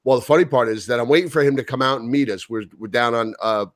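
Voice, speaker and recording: A man's voice: medium pitch, fast talker, no room sound, clean studio sound. A man co-hosting a sports podcast in casual chat, telling a story in a rambling way with many restarts. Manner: rambling storyteller who repeats himself and acts out quoted talk. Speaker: podcast co-host.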